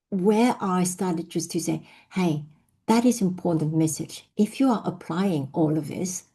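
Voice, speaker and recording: Woman talking on a video call, kinda husky and dark, earnest and reflective. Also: fairly low pitch, expressive, normal speed. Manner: earnest, reflective, rhetorical questions. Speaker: guest speaker. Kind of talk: online talk session.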